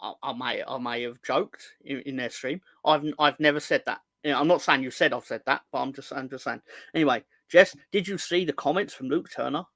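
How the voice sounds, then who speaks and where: A man's voice: medium pitch, a little fast, gravelly, a bit bright, dry recording. A young man hosting a football fan livestream, chatting casually, joking and teasing viewers as he reads their comments. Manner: joking, rambling, teasing the chat. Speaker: football fan show host.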